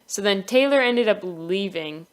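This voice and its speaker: A woman's voice: mid-range voice, animated, a little slow. A young woman casually telling a personal story for her animation channel, giggling often and acting out the quoted lines.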